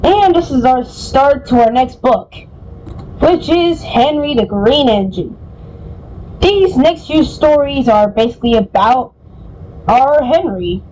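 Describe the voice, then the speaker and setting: A woman's voice: sits high, expressive, takes it slowly, a little mellow, a little hiss or hum, rough recording. A woman reading a children's storybook aloud, casual, often stumbling and correcting herself. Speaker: storybook reader.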